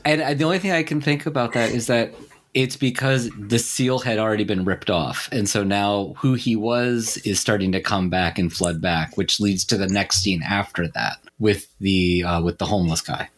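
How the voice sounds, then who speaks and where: Husky voice, puzzled film chat. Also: deep voice, moderate pace. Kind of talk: casual film review chat.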